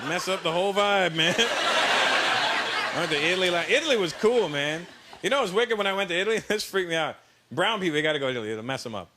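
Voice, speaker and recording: A man doing stand-up comedy, animated and loud as he acts out characters. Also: sits high, fast, background noise. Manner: animated, loud, mimicking voices. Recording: live show with loud crowd.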